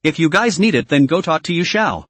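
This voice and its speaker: Icy curt lady boss, voiced by a guy, kinda high, dry. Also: animated, a little fast, fairly bright tone, no room sound. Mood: cold. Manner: curt, dismissive. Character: cold, haughty woman procurer.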